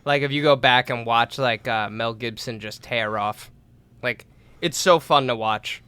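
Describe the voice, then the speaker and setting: A man co-hosting a podcast who excitedly retells movie scenes in casual chat. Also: mid-range voice, unhurried, clean tone, no echo. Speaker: podcast co-host.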